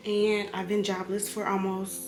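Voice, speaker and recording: A woman's voice: mid-range voice, monotone, moderate pace, a little mellow, roomy sound, soft background music. A woman, a bit tipsy, talking candidly and emotionally in a personal vlog about hard times, rambling and sometimes getting heated. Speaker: vlogger, single mother.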